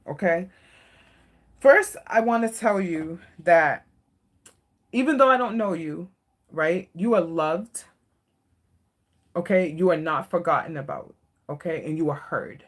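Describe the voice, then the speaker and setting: A woman doing a live stream tarot reading, speaking to viewers in a gentle, emotional, comforting way that turns tearful at times. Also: on the low side. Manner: emotional, comforting, talks to chat. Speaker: tarot reader.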